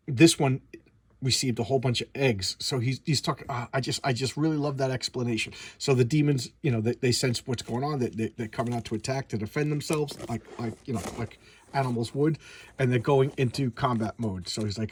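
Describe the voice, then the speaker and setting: A man's voice: mid-range voice, slight background noise. A man recapping a comic book in a casual, enthusiastic, rambling way, with many restarts.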